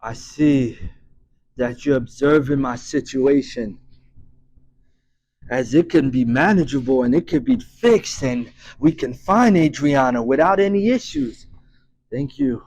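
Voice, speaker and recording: A man voicing an anguished grown man searching for his lost daughter, in a slow, solemn monologue that drops into whispers. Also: on the high side, vocal fry, dark tone, highs cut off, a little hiss or hum. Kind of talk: dramatic monologue reading.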